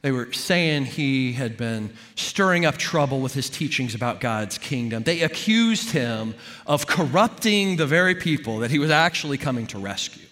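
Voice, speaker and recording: A man preaching with a lively, swooping delivery that jumps between high emphatic bursts and low hushed asides. He talks to his congregation in a conversational, emphatic way. His voice carries a long reverb, as if he is in a large hall. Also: normal speed. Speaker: pastor. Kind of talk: sermon.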